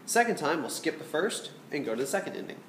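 A man's voice: on the high side, big pitch swings, fast talker, roomy sound, a little hiss or hum. A man teaching a flute lesson, explaining patiently and checking in with his students. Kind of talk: music lesson instruction.

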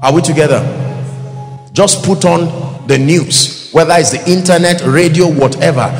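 A man preaching a sermon to a congregation, animated, with call-and-response questions and acted-out quotes. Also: a little high, moderate pace. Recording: echoey hall with faint music.

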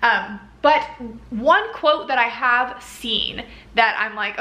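Bright, excitable woman rambling to camera. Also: fairly high pitch, slow. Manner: swears casually. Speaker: book vlogger. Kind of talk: casual reading vlog chat.

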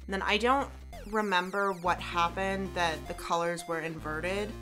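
A woman's voice: fairly low pitch, fairly even intonation, unhurried, music in the background, rough recording. A woman co-hosting a gaming video, chatting casually and laughing often. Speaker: co-host. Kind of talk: casual gameplay chat.

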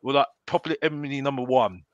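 A man's voice: mid-range voice, very fast, muffled recording, a little hiss or hum. A man chatting casually as a fan panelist, rambling with many restarts and repeated phrases.

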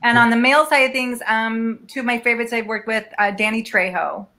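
Bright-voiced woman casting director. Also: on the high side, fairly even intonation, fairly quick. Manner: earnest, emphatic, upbeat advice. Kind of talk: video call interview answers. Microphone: video call.

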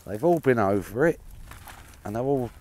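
A man's voice: medium pitch, expressive, moderate pace, a little mellow, a little hiss or hum. Chatty man detecting in a field. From England. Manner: chatty, upbeat, calls viewers guys. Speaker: metal detecting vlogger. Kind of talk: casual outdoor vlog commentary. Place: open farm field outdoors.

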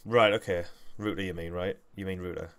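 A man's voice: low voice, steady tone, fairly quick, a bit bright, slight background noise. A young man, hosting a game livestream with rambling, self-correcting, jokey commentary. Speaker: gaming livestream host.

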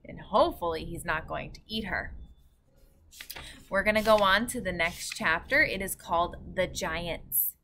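Slow, bright-voiced woman reading aloud. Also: fairly low pitch, slight background noise. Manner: calm, clear narration. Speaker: teacher.

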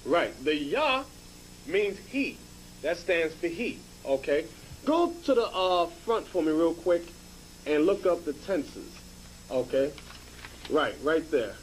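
A man's voice: on the high side, expressive, slow, slight background noise, low-quality recording. A man giving informal Bible teaching, emphatic and repetitive, often checking with "okay?". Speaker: religious teacher.

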